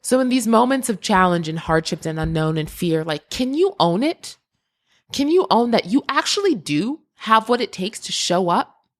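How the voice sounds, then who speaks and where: Animated woman giving a motivational talk. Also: medium pitch, normal speed. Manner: emphatic, repeats phrases, addresses listener directly. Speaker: podcast host and creativity mentor. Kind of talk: motivational podcast monologue.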